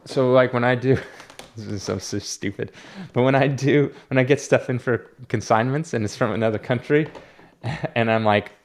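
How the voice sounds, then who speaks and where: A man's voice: medium pitch, normal speed. A man running a comic book shop, chatting casually and rambling as he talks himself through each graded book. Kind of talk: casual unboxing chat.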